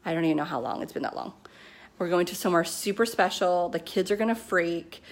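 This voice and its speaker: A woman at home, talking to her business team in a casual motivational pep talk, excited and chatty, filling her speech with "like" and "you know.". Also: fairly low pitch, fairly quick. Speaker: network marketing team leader. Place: at home with her kids nearby.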